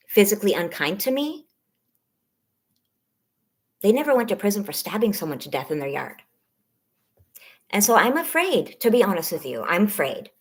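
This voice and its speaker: A woman in her thirties with a somewhat low voice talks on a personal live stream. She speaks haltingly, her voice shaky and close to tears. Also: breathy edge. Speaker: vlogger on a members-only live stream.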